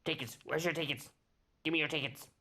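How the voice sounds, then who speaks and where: A man's voice: on the high side, steady tone, a little fast, pushed and bright, voice pushed up, heavily acted. A man voicing a small bossy pixie who collects tickets, snippy and grumbling, for a tabletop game. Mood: demanding.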